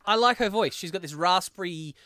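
A man's voice: high-pitched, brisk, sharp tone. A man co-hosting a podcast in casual chat, rambling and hesitant, full of "like" and "um". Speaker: podcast co-host.

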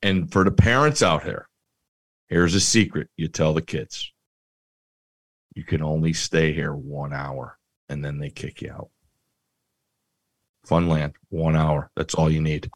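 Laughing, animated male storyteller. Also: rumbling low, a little slow, creaky, pauses often. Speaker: podcast co-host. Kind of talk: casual chat.

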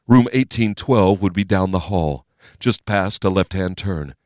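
A man with a very deep, low voice reads a thriller as an audiobook narrator. His delivery is steady, measured and dramatic. The close mic gives a dry, intimate sound with no room. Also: no echo.

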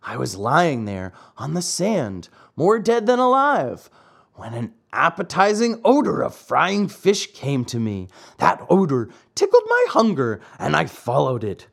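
A man voicing a kindly male dog in an audiobook, speaking earnestly and warmly to a friend. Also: a little high, huge pitch swings, unhurried, creaky, exaggerated voice. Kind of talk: audiobook character voice.

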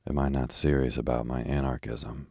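Touchy anarchist poet guy, deep-voiced reader doing him, slow and heavy, flat. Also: vocal fry, husky, no echo, clean studio sound, exaggerated voice. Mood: brooding. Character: brooding red-haired male anarchist poet.

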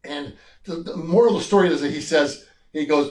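An older man in his sixties spins stories from his bodybuilding days, slipping into the voices of the people he quotes. His voice sits a touch high. The room adds a noticeable echo. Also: a little fast. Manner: animated storyteller, acts out quoted voices. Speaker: guest, former TV gladiator and bodybuilder. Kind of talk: casual interview storytelling.

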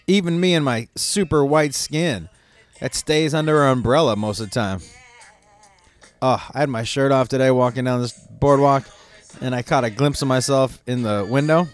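A touring performer chatting casually in a hotel room, his voice hoarse and rough as if he had been smoking, talking in a rambling, self-mocking way. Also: medium pitch, normal speed, faint music behind. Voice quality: rough, smoky-sounding. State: hoarse, lost voice. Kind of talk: casual vlog chat.

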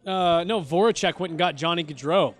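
A man's voice: on the high side, fairly quick. A man hosting a sports podcast, chatting casually, rambling with restarts and frequent laughs. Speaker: podcast host.

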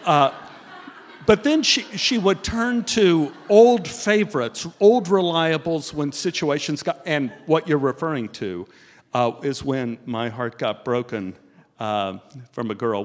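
An older man from Texas telling a comic personal anecdote as a guest, animated and chuckling as he talks. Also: a little high, unhurried, big-room sound. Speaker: guest storyteller.

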